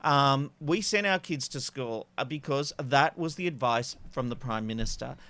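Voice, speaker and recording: An Australian man in his thirties hosting a news panel chat, chatty and quick to laugh between items. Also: mid-range voice, sharp tone. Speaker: host.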